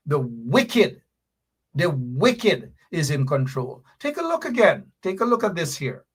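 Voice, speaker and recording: A man hosting a political commentary stream, his voice sitting a little higher than most men's. He hammers his points home with indignant emphasis and keeps circling back to the same lines. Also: very animated, measured pace, breathy edge. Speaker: host.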